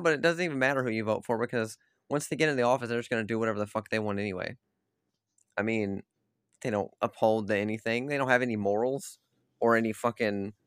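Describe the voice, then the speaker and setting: A man's voice: medium pitch, fairly bright tone, smooth, dry recording, studio quality. A young man streaming a casual, rambling rant, swearing often and laughing between exasperated outbursts. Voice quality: swears a lot, quick laughs between rants. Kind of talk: casual ranting vlog.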